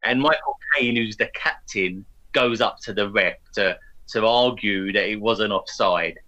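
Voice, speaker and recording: A man co-hosting a podcast, telling anecdotes in a lively, laughing way. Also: lowish voice, a little slow, highs cut off. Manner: animated, laughing storytelling. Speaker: podcast co-host. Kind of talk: casual chat.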